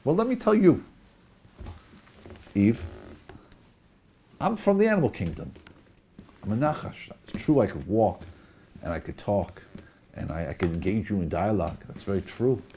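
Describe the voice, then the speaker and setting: A man's voice: lowish voice, very animated, normal speed, pauses often, mellow, slight background noise. A man voicing a sly, persuasive male serpent who tempts with coaxing rhetorical questions.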